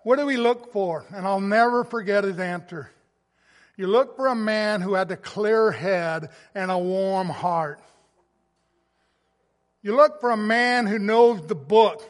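A man preaching a sermon as a pastor, slow and emphatic, swelling loud and then dropping soft. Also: sits high, long reverb tail.

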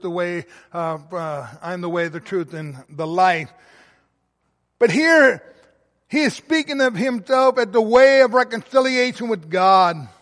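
A man's voice: high voice, a bit bright. A man preaching a sermon, explaining scripture verse by verse and reading quotations with earnest emphasis. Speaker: pastor. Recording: long hall reverb.

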